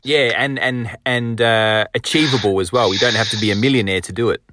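A man's voice: mid-range voice, fairly even intonation, a little fast, sharp tone, no echo, clean studio sound. A man with a London accent co-hosting a podcast in casual chat, joking and laughing, often thinking aloud. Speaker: podcast co-host.

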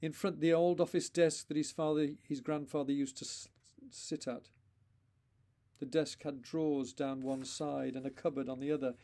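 Man reading a story slowly, fairly high voice. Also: fairly even intonation, warm tone. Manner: slow, deliberate, with pauses between phrases. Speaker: author reading his own story. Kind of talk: measured storytelling narration.

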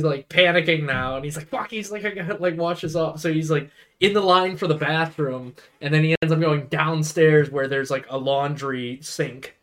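A young man co-hosting a casual podcast, retelling a film scene by scene in a rambling way with lots of fillers and quoted lines. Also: on the high side. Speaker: podcast co-host. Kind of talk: casual movie recap chat.

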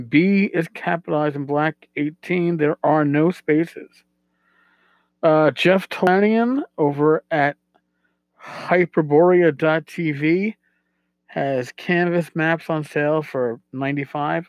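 A man's voice: a little high, creaky, no room sound. A man hosting a solo podcast talks casually while he has a cold, taking his time, restarting often and adding asides. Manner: unhurried, with frequent restarts and asides. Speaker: podcast host.

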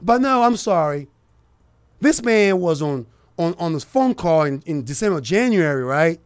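Heated and emphatic, a male talk radio host calls out to his audience while giving political commentary. His voice is on the high side, clean, and sing-song, delivered at a moderate pace.

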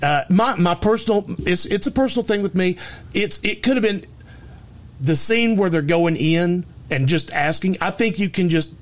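A man's voice: high voice, lively intonation, normal speed. A man co-hosting a podcast, rambling sarcastically about a movie with a lot of restarts and some swearing. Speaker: podcast co-host. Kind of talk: casual movie review chat.

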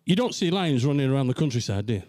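A man's voice: mid-range voice, big pitch swings, racing, darkish tone. A man on a chat show, joking playfully and laughing at his own jokes. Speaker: panelist. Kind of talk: casual chat.

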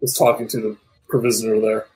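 A man narrating a tabletop game as game master, casual and halting with fillers. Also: lowish voice, little pitch movement, darkish tone, breathy edge, rough recording.

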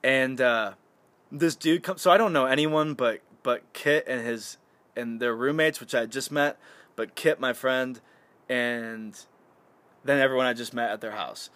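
A man's voice: medium pitch, measured pace, no echo. A young man from the United States telling a story in casual podcast talk. He swears a lot and fills his speech with "like" and "dude.". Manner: animated, swears freely, many fillers like "like" and "dude". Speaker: podcast guest.

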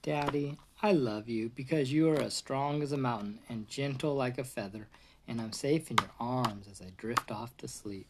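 A father reading a picture book aloud to his toddler in a gentle storybook voice, with a short cheerful hello to his viewers. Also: mid-range voice, normal speed, noisy background.

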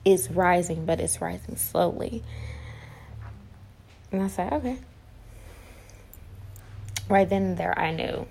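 A young woman telling a personal story to her viewers, halting with many fillers and restarts. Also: on the low side, creaky, a little mellow, low-quality recording. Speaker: vlogger.

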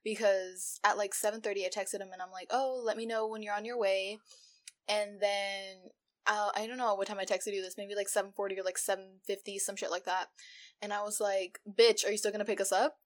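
A woman's voice: mid-range voice, little pitch movement. Young woman, podcast co-host, heated casual chat, swears a lot. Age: young adult. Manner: heated, swears freely, quick indignant rants.

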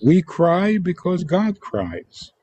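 A man speaking as a religious teacher in an interview, taking his time over each phrase. His voice sits a little high for a man but sounds soft and mellow. He shifts his tone when he acts out quoted lines. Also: big pitch swings, no room sound, muffled recording. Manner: slow, deliberate, acts out quoted lines in different tones. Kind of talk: interview guest explaining teachings.

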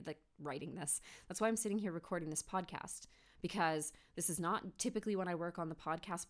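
Earnest woman host with a low voice. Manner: earnest, encouraging, asks rhetorical questions. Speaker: podcast host. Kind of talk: motivational solo podcast. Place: home office.

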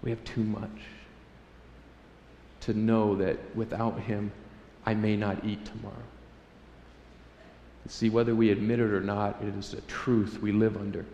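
A man's voice: fairly low pitch, flat delivery, unhurried, long pauses, mellow, highs cut off, slight background noise. A man preaching a sermon to a congregation, joking and acting out prayers in a raised voice. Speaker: pastor. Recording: echoey hall, faint room ambience.

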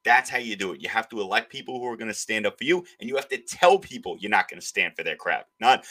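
A man's voice: fairly low pitch, expressive, fast, few pauses, bright, forceful tone. A man hosting a political podcast who rants emphatically and slips into mocking voices. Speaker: podcast host. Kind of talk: opinionated political podcast talk.

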